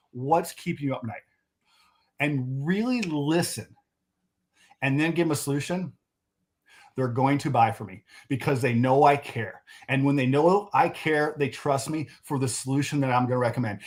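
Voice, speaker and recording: Brief: male sales trainer, higher register, energetic, acts out shop-floor dialogue on a video call. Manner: animated, quick restarts, acts out customer dialogue. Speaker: mattress sales trainer, guest. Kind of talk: energetic sales coaching talk.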